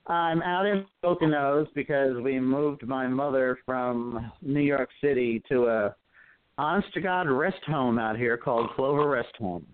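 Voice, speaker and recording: A man calls in as a co-host and chats casually with a teasing, joking manner. His voice is smooth and clear at a middling pitch. The recording is dry and sounds like a phone line. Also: unhurried, no room sound. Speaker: co-host calling in. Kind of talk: casual chat.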